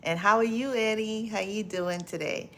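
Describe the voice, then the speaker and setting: A woman's voice: medium pitch, fairly even intonation, moderate pace, slight background noise. A woman from South Florida hosting a live stream in a casual, chatty way, reading viewer comments aloud, repeating herself and laughing often.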